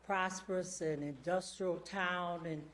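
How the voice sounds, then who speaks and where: Older woman, low voice, very slow, halting, council podium mic. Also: steady tone, a little hiss or hum. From Albion, Michigan. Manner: deliberate, halting with fillers. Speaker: public commenter. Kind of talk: public comment speech. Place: city council chamber.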